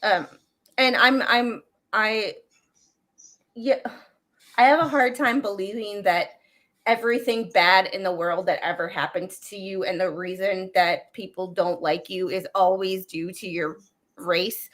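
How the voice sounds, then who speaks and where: A woman co-hosts a live stream in casual, chatty talk. She is opinionated, fills her speech with "like" and "um", and her voice sits in a middle pitch. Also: fairly even intonation, measured pace, fairly bright tone. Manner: chatty, opinionated, full of fillers. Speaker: stream co-host.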